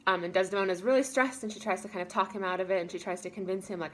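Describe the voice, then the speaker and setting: A woman's voice: mid-range voice, fairly even intonation, racing, a bit bright. A woman giving a casual spoken lesson summary as a teacher, talking informally with lots of fillers and paraphrasing characters' lines.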